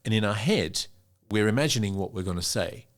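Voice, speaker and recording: A middle-aged man, a pitch coach, explaining in an interview and demonstrating vocal emphasis. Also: expressive, fairly quick. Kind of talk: interview conversation.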